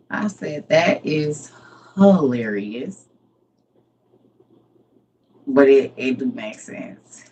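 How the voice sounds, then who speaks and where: A woman's voice: very deep voice, very slow, pauses often, background noise. A middle-aged woman, chatting casually on a livestream and answering viewers' comments by name, laughing often. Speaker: livestream host.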